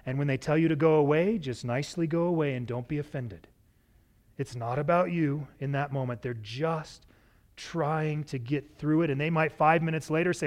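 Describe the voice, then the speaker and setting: Man, preacher, expressive sermon, varied pace, slightly high voice. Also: moderate pace. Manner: expressive, varied pace, acts out quoted lines. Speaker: pastor.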